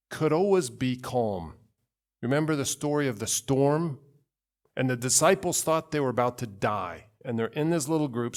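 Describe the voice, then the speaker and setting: Speaking at a medium pitch, a man preaches in a conversational style, weaving personal anecdotes with side remarks and performing the voices of the people he quotes.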